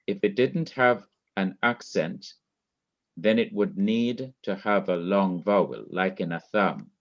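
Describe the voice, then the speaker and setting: A man teaching a Hebrew grammar class, explaining slowly and repeating key points. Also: deep voice, dull audio. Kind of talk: online classroom lecture. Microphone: laptop mic.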